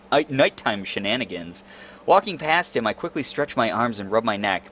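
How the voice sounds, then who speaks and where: A man's voice: mid-range voice, a bit bright, a little hiss or hum. A young man reading a visual novel aloud and adding playful, joking commentary, over faint guitar music. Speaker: let's play host.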